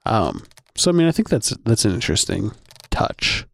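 A man's voice: on the low side, sing-song, moderate pace, vocal fry, no echo. A man co-hosting a casual podcast chat, laughing often and restarting his sentences. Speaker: podcast co-host.

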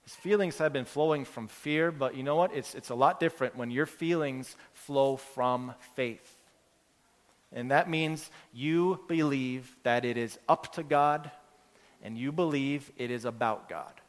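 A man preaches a sermon in an earnest, conversational manner, restarting phrases as he works through everyday examples. His voice sits at an ordinary middle pitch. The recording carries the long reverb of a large church hall. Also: measured pace. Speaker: pastor.

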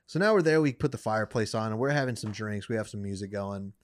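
Young man, casual chat, animated storytelling, lively pitch, dry sound. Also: fast talker, no echo. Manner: animated storytelling, laughs often, squeaky voices for quoted people.

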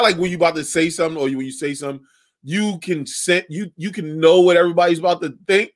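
A young adult man chatting casually, telling an animated, profane story and laughing often. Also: a little high, no room sound, studio quality.

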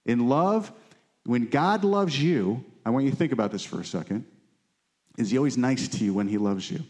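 Male pastor, conversational sermon, mid-pitched voice, keeps asking the room if they follow. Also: animated, moderate pace, a little mellow. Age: adult, married. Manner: conversational preaching, frequent "right?" check-ins.

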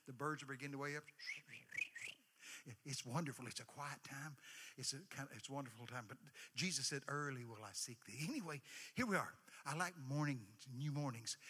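A man preaching a sermon, emphatic, swinging from hushed asides to shouted lines and calling for responses. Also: mid-range voice, big-room sound. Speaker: pastor.

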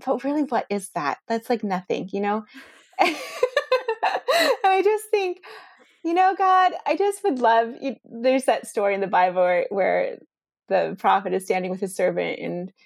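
A woman guest recounts a story in an animated way, stumbling over restarts and tossing in "like" as she goes. Her voice sits in an ordinary middle register. The sound is close and dry, with no room around it. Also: medium pitch, moderate pace, gravelly, no echo. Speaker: interview guest. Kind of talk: conversational storytelling.

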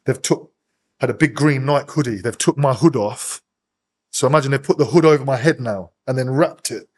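A man's voice: mid-range voice, moderate pace. Blunt, profane man telling a story. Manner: blunt, profane, street slang. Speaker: podcast guest. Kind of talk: candid storytelling interview.

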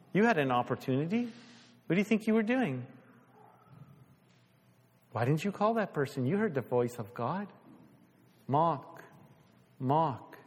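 A man voicing a nagging, scornful inner voice that badgers with rapid accusing questions, in a hall with long reverb. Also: on the high side, husky, exaggerated voice.

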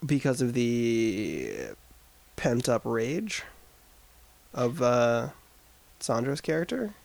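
A man's voice: medium pitch, sing-song, drawn-out words, gravelly, darkish tone. A man co-hosting a podcast, chatting casually about films, rambling and joking as he goes. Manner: rambling, joking, trails off into asides. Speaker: podcast co-host. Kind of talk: casual film discussion.

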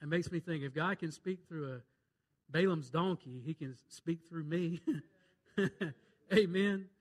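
A man with a Mississippi accent preaching a sermon, retelling a Bible story in a folksy way and swinging between loud and hushed. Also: fairly high pitch, unhurried. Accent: Southern US, Mississippi. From Mississippi, USA. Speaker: pastor.

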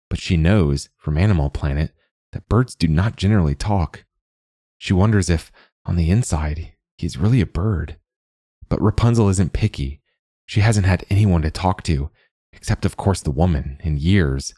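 Male audiobook narrator, very deep voice, dry close recording, measured delivery. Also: mellow, dry recording.

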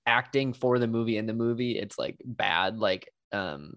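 A man talks about a film in a relaxed, rambling way, leaning heavily on filler words. His voice sounds dry and close, with no room echo. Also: mid-range voice, normal speed, muffled recording. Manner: relaxed, heavy use of "like", rambling. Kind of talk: casual movie discussion.

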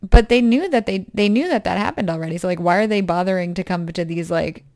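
A woman's voice: lowish voice, fast, a little mellow, dry recording, clean studio sound. A woman co-hosting a podcast, ranting in a casual, chatty way and laughing often. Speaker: podcast co-host. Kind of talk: casual chat.

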